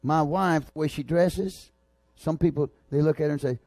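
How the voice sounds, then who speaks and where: A male pastor preaching a sermon, swinging from loud, excited shouts to low, intense asides. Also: moderate pace, no room sound, studio quality.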